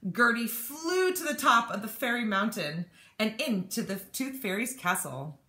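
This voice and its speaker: A woman teacher reading a children's storybook aloud, animated and expressive. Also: on the high side, unhurried. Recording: echoey room.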